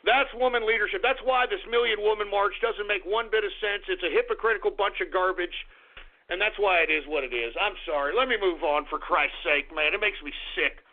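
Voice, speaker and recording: A man's voice: sits high, brisk. A man hosting talk radio, delivering an angry, crude, insulting rant. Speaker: radio host. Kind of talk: ranting talk radio monologue. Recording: tinny phone-like radio sound.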